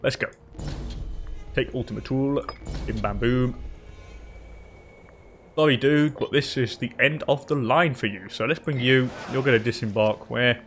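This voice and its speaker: A man's voice: medium pitch, a little slow, long pauses, fairly bright tone, slight background noise. A young man hosting a gaming channel, rambling casually through his strategy game, swearing and chatting to the characters on screen. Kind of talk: casual let's-play commentary.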